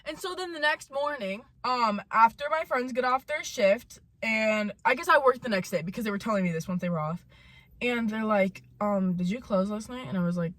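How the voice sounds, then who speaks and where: A woman's voice: normal speed, no echo. A young woman telling a storytime rant about a coworker, heated and profane, repeating lines for emphasis. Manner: mimics coworker in high sing-song voice. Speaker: vlogger telling a work story.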